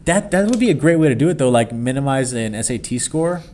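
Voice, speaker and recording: A young man co-hosting a casual podcast, brash and joking with a loose mouth. His voice sits at an ordinary middle pitch, with a faint hiss of noise behind it. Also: lively intonation, fast, mellow. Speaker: podcast co-host.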